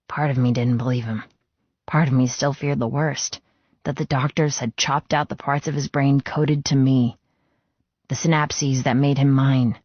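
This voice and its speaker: A woman's voice: extremely low pitch, fairly even intonation, normal speed, slightly rough, no room sound. A woman narrating a first-person romance audiobook in an emotional, intimate reading from a close mic. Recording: slightly dull, muffled sound.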